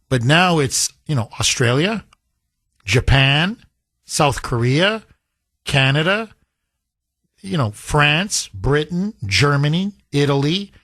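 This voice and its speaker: Emphatic talk radio host, dry studio. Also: male voice, a little high, fairly bright tone, no echo. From United States. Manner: emphatic, rhetorical questions in quick runs.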